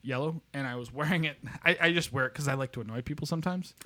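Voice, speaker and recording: A man co-hosting a podcast in loud, profane, casual banter, laughing often. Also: medium pitch, fast talker. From United States. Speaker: podcast co-host.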